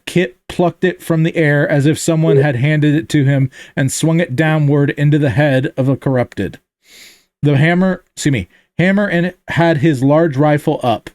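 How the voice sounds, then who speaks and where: A man with a slightly higher voice reads his own action story aloud at a steady pace, stopping now and then to correct a slipped word. He is on a computer mic in a dry, close sound with no room around him. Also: dry recording. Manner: steady reading with frequent self-corrections. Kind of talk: reading fiction aloud. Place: home, online voice chat.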